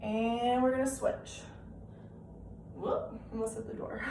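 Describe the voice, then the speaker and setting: Speaking slowly with a flat but warm, fairly high voice, a young woman runs a live-style exercise class from home, upbeat and encouraging and often checking in with the class. The distant mic picks up room echo and a faint hiss.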